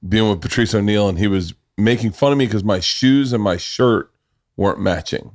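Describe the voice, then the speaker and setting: A middle-aged man hosting a podcast, telling animated stories in casual chat, swearing freely and laughing as he talks. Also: on the low side, moderate pace. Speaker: podcast host.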